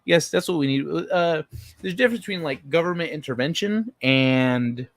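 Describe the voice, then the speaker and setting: A man's voice: on the high side, expressive, moderate pace, dry recording. A man hosting a casual livestream, reading chat messages aloud and answering them in a blunt, profane way.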